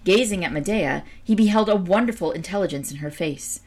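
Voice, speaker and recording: A woman reading a storybook aloud at a steady pace, now and then stumbling and correcting herself. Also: fairly low pitch, brisk. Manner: steady reading with small slips and self-corrections. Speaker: storybook reader.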